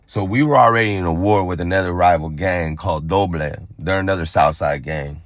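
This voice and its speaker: A young man with a very low, deep voice tells a rough street story straight into the mic. He swears a lot and acts out what everyone said. The sound is dry and close, with no room echo. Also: fairly quick, hardly any pauses. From Phoenix, Arizona. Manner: profane, animated, acts out other people's lines. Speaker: storyteller on a vlog channel.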